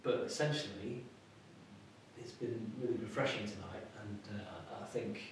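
A man's voice: fairly low pitch, background noise. Hesitant man in an echoey room. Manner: hesitant, measured, with fillers and restarts. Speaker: skeptic on a paranormal team. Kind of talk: reflective casual talk. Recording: echoey, distant location audio.

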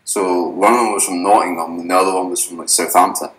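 A man's voice: sits low, steady tone, quick pace, fairly bright tone. A young man, chatting casually as a podcast guest in a rambling, laid-back way that is full of swearing. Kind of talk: casual chat. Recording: echoey room.

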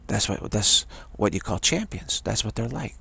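A middle-aged man gives a motivational talk on his practice, driving his points home by saying them twice. His voice sits fairly low and carries a husky, gravelly grain. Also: expressive, moderate pace, bright, forceful tone. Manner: emphatic, repeats phrases for stress. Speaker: teacher of a self-development practice.

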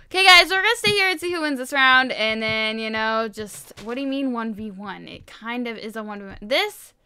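Bright, excitable young woman gaming. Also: a little high, moderate pace, clear, resonant tone, no echo. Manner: excitable, loud, talks to herself while building. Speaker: gaming video host. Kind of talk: casual game commentary.

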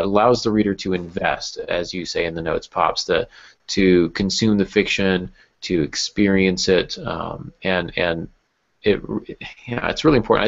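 A man's voice: sits low, gravelly. A man hosting a casual podcast talk about writing craft, thoughtful, with many fillers and restarts. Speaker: podcast host. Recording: dull lo-fi podcast audio.

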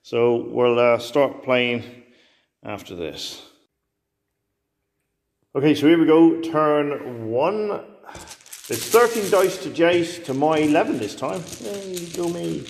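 A man's voice: a little high, animated. A man, casually commentating a tabletop wargame he is playing, chatty and joking. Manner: chatty, joking, quick asides. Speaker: host and wargame player. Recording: roomy hall with long reverb.

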